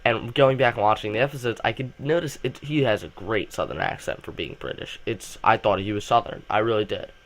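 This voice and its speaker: A young man, a student, hosting a casual fan vlog, rambling excitedly with lots of fillers and restarts while coming down with a cold. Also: lowish voice, fairly quick, few pauses. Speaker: channel host.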